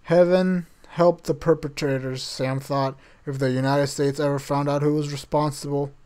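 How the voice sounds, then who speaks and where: A man's voice: a little high, flat delivery, moderate pace, darkish tone, clean tone. A man reading a novel aloud on a stream, breaking off for wry, chatty asides and laughing at the text. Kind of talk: casual read-aloud with joking asides.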